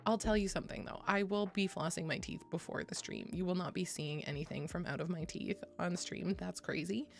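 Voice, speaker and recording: A woman's voice: lowish voice, a little fast, gravelly, few pauses. A young woman streaming, chatting casually with her viewers, swearing freely, laughing often and reading chat aloud. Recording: faint music behind.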